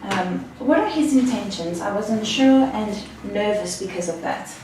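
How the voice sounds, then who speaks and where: A woman's voice: mid-range voice, expressive, moderate pace, a little mellow. A woman co-hosting a live stream, reading viewer questions aloud in a plain, matter-of-fact way. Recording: echoey room, mic far off, faint noise.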